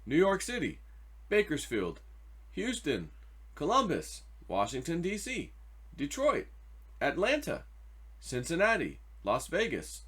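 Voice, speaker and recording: A man hosting his own commentary video, excitable and mocking, swinging from loud repeated outbursts to a low mutter. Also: a little slow, pauses often, breathy edge. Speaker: host.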